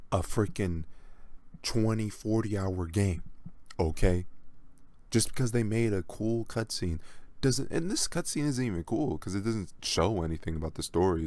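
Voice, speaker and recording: A man's voice: low-pitched, a little mellow. A man hosting a gaming channel, delivering a sarcastic reaction rant in a mocking, exasperated way and often repeating himself.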